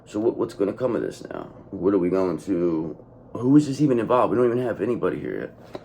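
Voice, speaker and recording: Brief: a low, gravelly man reading tarot, blunt and sweary, with lots of up and down in his voice. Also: expressive, fast talker, dark tone, slight background noise. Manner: blunt, profane and repetitive, often says okay. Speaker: tarot reader. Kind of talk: casual tarot reading monologue.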